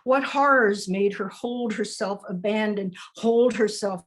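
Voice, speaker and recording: A woman poet reading her poems aloud over a video call in a slow, deliberate recitation with measured pauses. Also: mid-range voice. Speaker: featured poet. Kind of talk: poetry reading.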